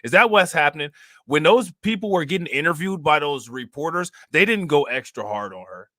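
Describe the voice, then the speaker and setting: A man's voice: on the high side, animated, brisk, pushed and bright, dry recording, studio quality. A man hosting a commentary channel, talking to his viewers in an emphatic, heated way, full of rhetorical questions. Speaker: reaction channel host.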